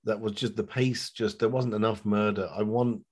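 A man chatting as a guest with a podcast host, animated and swearing freely. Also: lowish voice, normal speed, husky. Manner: animated, swears, slips into mocking voices. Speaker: podcast guest, host's friend. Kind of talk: casual chat.

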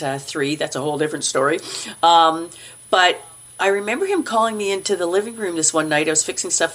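Animated middle-aged woman telling stories. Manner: animated, acts out quoted voices with big pitch jumps. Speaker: guest actor. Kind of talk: casual interview storytelling.

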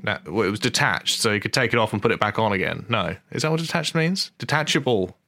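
A man's voice: on the low side, animated, quick pace, gravelly, pushed and bright, dry recording. A man hosting a podcast, reading a news story aloud in casual comic chat, wry and freely swearing, stumbling and rereading lines. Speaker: podcast host.

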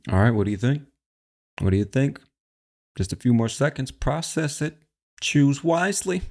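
A man hosting a casual English-learning podcast, chatty and animated, often calling the listener "my friend". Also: mid-range voice, moderate pace. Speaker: podcast host and English teacher.

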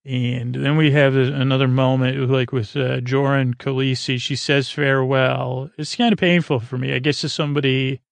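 A man hosting a podcast, casually recapping a TV episode from handwritten notes in a halting way, with lots of filler sounds. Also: mid-range voice, flat delivery, gravelly, no echo. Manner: halting, loose, full of filler sounds while paraphrasing scenes.

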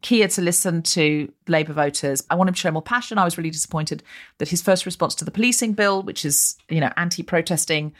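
A woman's voice: on the low side, fast. A woman hosting a podcast in casual comedic chat over a video call, telling stories with energy and often acting out what other people said. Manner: animated storytelling, mimicking others in quotes. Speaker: podcast host.

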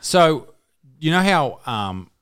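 A man's voice: fairly high pitch, big pitch swings, slow pace, a bit bright, smooth, no echo, clean studio sound. Crude, jokey man. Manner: crude, swearing, jokey banter. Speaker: podcast co-host. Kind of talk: casual chat.

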